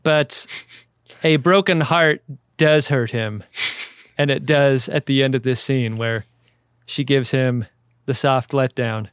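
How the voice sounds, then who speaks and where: A man's voice: medium pitch, slow pace, long pauses, fairly bright tone, clean tone, no echo, studio quality. A man co-hosting a podcast, recapping an episode in casual chat with wry jokes. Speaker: podcast co-host.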